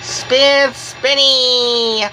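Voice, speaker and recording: Woman vlogger, toy review; giggly, gushing, drawn-out slow delivery, faint engine noise behind. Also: high voice, steady tone, sharp tone, rough recording. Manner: gushing, giggly, repeats exclamations. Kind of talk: excited toy review vlog.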